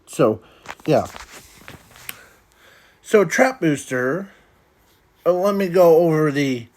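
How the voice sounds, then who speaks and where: A man hosting a casual card review video, talking in a halting way with many restarts. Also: a little high. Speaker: video host reviewing custom cards.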